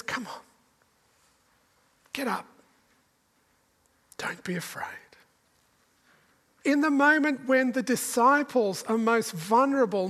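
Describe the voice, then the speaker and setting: A woman preaching a sermon in a slow, deliberate way, asking the listeners many rhetorical questions. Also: on the high side, a bit bright. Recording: long reverb of a large hall.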